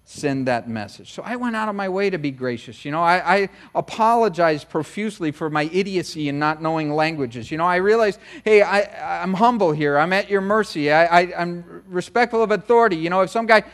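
Man preaching a casual sermon, higher voice. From United States. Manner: conversational, acts out quick voices of others. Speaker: pastor.

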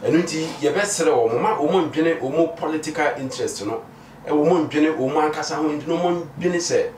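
A man with a Ghanaian accent giving a measured, earnest opinion in a street interview, speaking mostly Twi with some English. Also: on the high side, darkish tone. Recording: echoey, distant mic, faint noise.

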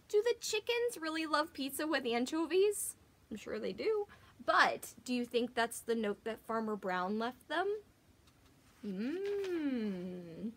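A young adult woman teacher reading a picture book aloud to children, gentle and expressive with gasps and whispers. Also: sits high, takes it slowly.

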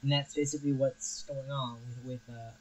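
A man's voice: medium pitch, level tone, brisk, a little mellow, a little hiss or hum, poor audio. A young man hosting a film review show, talking casually and rambling with frequent restarts and fillers.

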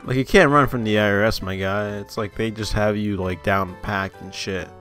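A man's voice: on the low side, steady tone, moderate pace, fairly bright tone, faint music behind. A young man ranting sarcastically and profanely in a casual vlog, mocking his audience. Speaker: YouTuber.

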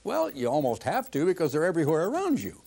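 A man's voice: a little high, huge pitch swings, fast, creaky, a little mellow. An older man giving a televised sermon in an earnest, conversational preaching manner.

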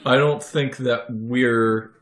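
A player in a tabletop game, making wry, quick quips. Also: medium pitch, fairly even intonation, echoey room.

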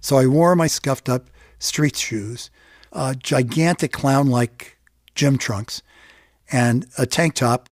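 A man telling a personal story in a reflective, halting way. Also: mid-range voice, dry recording, clean studio sound. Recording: produced podcast with music bed.

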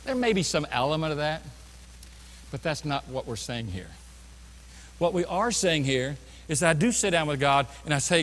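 A man with a high-pitched voice preaches a sermon from a church sanctuary, and his words ring out in a long hall reverb. He swings from loud, emphatic bursts down to hushed, lower passages. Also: very animated, normal speed. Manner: preaching with sudden loud bursts and drops to quiet. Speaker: pastor.

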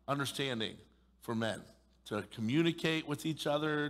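A middle-aged man preaching a sermon in a church, joking and animated, with playful acted asides. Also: mid-range voice, normal speed. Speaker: pastor. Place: church sanctuary. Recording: long reverb of a large hall.

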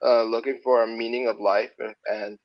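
A man chatting casually, talking in halting bursts full of restarts and fillers and laughing at his own jokes. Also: medium pitch, flat delivery. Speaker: guest. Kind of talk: casual chat. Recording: dull lo-fi sound.

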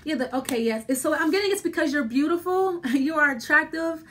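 Woman tarot reader, high voice, casual, rambling and repetitive, talks right to the listener. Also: fairly quick, a bit bright, a little hiss or hum. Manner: rambling, repetitive, thinking aloud while pulling cards; addresses the listener directly and reassuringly. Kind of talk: casual tarot card reading.

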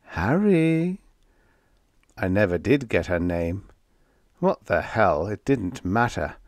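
Male audiobook narrator, lower voice, very slow and lively, dry close recording. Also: no echo. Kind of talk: scripted first-person story narration.

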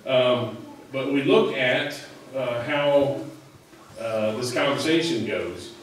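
A man's voice: medium pitch, takes it slowly, slight background noise. A man preaching a sermon in a loose, conversational way, full of fillers and restarts. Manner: conversational, rambling with many fillers. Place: church sanctuary. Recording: echoey hall, mic at a distance.

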